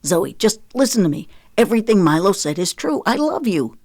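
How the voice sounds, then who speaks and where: A woman's voice: medium pitch, big pitch swings, fairly quick, a little mellow, no echo, clean studio sound, voice pushed up. A woman voicing a remorseful husband who pleads over the phone in an audiobook. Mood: pleading. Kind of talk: audiobook character voice.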